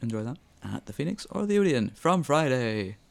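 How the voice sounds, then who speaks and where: A man's voice: mid-range voice, sing-song, moderate pace, gravelly. A man giving a casual, chatty film review on a podcast, full of ums and restarts.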